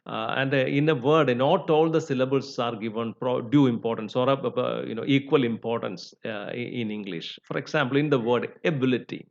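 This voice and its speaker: A man's voice: mid-range voice, fairly quick, vocal fry, few pauses. A man teaching English phonetics, with many "you know" and "uh" fillers. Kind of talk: lecture. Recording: slightly dull recording.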